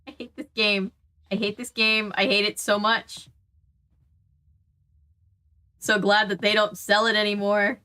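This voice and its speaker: A woman's voice: mid-range voice, sharp tone. A woman with a Southern US accent chatting casually while streaming a video game, talking back to the game and her viewers in an exasperated way. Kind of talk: casual let's-play commentary.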